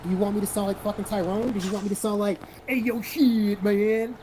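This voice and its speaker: A blunt, profane man from South Carolina hosts a casual livestream, reading viewer comments aloud and answering them. He talks in a plain, everyday way. Steady background noise sits under his voice, with vehicles passing now and then. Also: high-pitched, rapid-fire. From South Carolina, American South. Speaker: livestream host reading chat.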